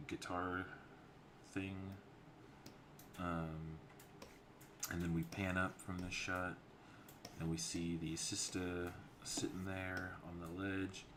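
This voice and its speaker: Deep-voiced man loosely talking through a story. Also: background noise. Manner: loose and rambling, lots of fillers. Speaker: storyboard artist streaming. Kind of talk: casual livestream narration. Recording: clear keyboard typing behind.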